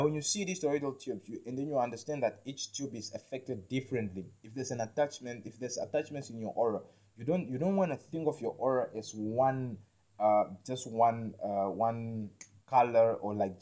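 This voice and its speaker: A podcast host rambles loosely about spiritual healing in a mid-range, dark-toned voice. He speaks haltingly, repeats words and restarts often, leans on slang like "man" and "like," and keeps asking "you understand me?"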